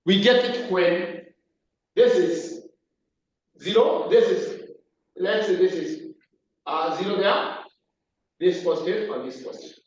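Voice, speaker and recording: A man's voice: high-pitched, slow pace, long pauses. A man teaching a maths class at the board, repeating key terms and asking the class questions. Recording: echoey room, distant lo-fi mic.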